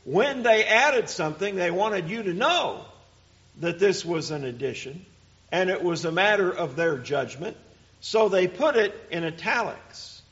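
A man preaching a sermon, teaching deliberately and emphatically and asking rhetorical questions. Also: high-pitched, expressive, a bit bright. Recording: dull lo-fi recording.

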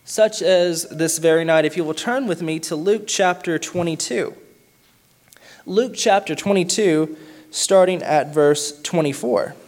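A man preaching a sermon, earnest, slowing down to stress key words and reading scripture aloud. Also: a little high, a little mellow. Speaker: pastor.

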